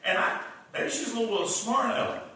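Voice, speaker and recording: A man preaching a revival sermon, telling the story in an animated way and acting out the characters' lines. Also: very high-pitched, fast, a little hiss or hum. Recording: echoey hall, distant mic.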